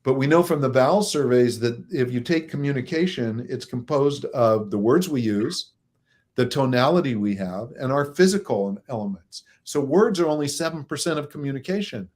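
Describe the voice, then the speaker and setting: A man speaking as a relationship coach in an interview, explaining at a steady, moderate pace and chuckling often. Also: mid-range voice, moderate pace. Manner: chuckles often, acts out examples; steady, moderate pace by his own account.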